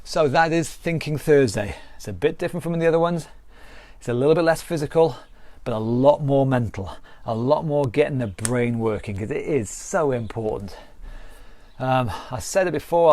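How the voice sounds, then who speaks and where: A man's voice: mid-range voice, darkish tone, no echo. A British man leading a live online workout as fitness instructor, counting down and cheering people on, at times out of breath. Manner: upbeat, encouraging counting and cueing. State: out of breath after exercise.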